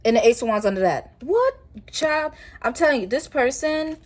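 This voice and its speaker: A woman's voice: high voice, moderate pace. Chatty woman giving a tarot reading. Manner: chatty, rambling, animated asides with laughs. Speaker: tarot reader.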